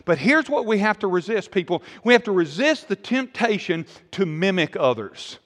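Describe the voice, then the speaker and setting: A pastor with a high voice preaches a sermon earnestly from the pulpit, very animated, with a long hall reverb ringing behind him. He drives his points home through repeated phrases and quick restarts, at times dropping low and soft.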